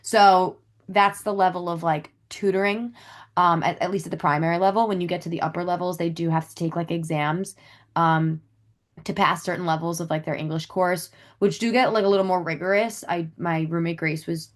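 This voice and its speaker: Low-voiced chatty young woman. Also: steady tone, fairly quick. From New York. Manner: chatty, heavy use of "like". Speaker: guest speaker, former teacher abroad. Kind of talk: casual webinar chat.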